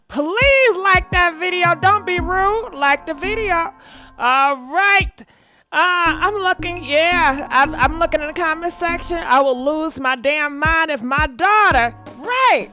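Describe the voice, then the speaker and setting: A woman's voice: high-pitched, bright, forceful tone. A woman hosting a casual livestream, chatting directly with her viewers as she comments. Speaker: livestream host.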